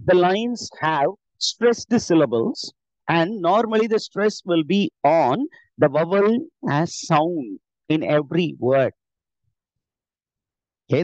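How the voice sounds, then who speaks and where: A man's voice: a little high, expressive, measured pace, darkish tone, dry recording. Indian man teaching an online class. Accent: Indian English. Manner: explains step by step with many filler "uh"s and self-corrections. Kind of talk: live online lecture. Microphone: computer mic on an online class call. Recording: dull, dry online call audio.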